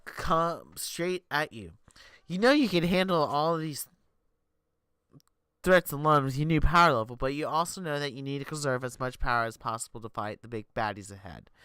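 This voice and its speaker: Male streamer narrating a story game live; bright, clear voice, a bit high, stumbles now and then. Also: no room sound. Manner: animated reading, trips over words. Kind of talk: reading an interactive story aloud live.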